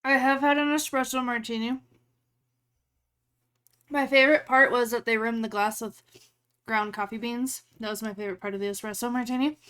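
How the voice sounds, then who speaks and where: High-voiced chatty woman streamer. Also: fairly even intonation, moderate pace, pauses often, fairly bright tone, smooth. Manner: chatty and rambling, with frequent "like" fillers and laughs. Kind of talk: casual chat with live chat while editing photos.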